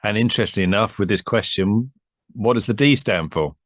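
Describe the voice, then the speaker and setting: A man's voice: on the low side, a little fast, fairly bright tone, dry recording, studio quality. A man co-hosting a business advice discussion, speaking conversationally and prompting with questions. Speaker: business advisor and co-host.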